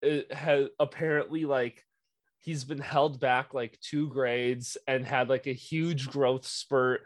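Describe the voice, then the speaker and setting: A young man coaching youth hockey, telling a profane, animated story in casual podcast chat. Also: medium pitch, takes it slowly, no room sound.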